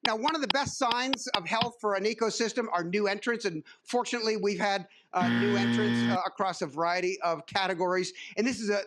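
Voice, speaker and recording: High-voiced man giving a wry keynote. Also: a bit bright. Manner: wry, joking asides with frequent uh fillers. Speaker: keynote speaker. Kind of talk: conference keynote talk. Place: conference stage.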